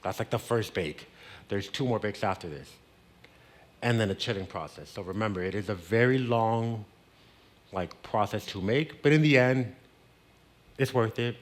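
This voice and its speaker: A man's voice: fairly low pitch, normal speed, pauses often. A man hosting a cooking show in a kitchen, explaining a recipe step by step in a chatty, playful way and dropping in Spanish words. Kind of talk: casual cooking demonstration. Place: home kitchen.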